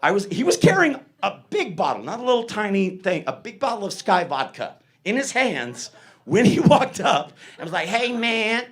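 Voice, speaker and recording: A man's voice: high voice, big pitch swings, moderate pace. A middle-aged man doing a stand-up set, rambling and profane, laughing at his own jokes. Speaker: stand-up comedian.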